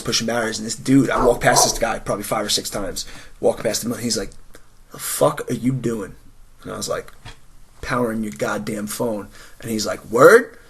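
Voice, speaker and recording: A man's voice: fairly bright tone, husky. A young man telling stories in a casual podcast chat, swearing freely and dropping to a mutter for asides. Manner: storytelling, swearing, drops to a low mutter for asides. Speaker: podcast co-host.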